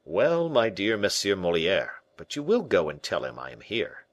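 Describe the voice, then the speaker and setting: A man's voice: low voice, huge pitch swings, normal speed, no room sound, heavily acted. A man voicing a bold musketeer captain who teases and presses with emphatic banter, in an audiobook reading. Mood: teasing.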